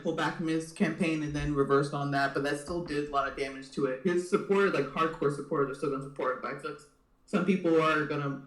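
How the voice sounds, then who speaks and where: A man's voice: on the high side, a bit bright. Man with a raised, roomy voice. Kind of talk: casual chat.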